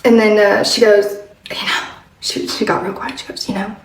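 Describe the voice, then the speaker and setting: Woman, casual storytelling, gravelly edges, roomy echo from a distance. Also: medium pitch, flat delivery, moderate pace, a little hiss or hum. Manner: chatty, quotes others in hushed voice, laughs often. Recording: roomy, from far off.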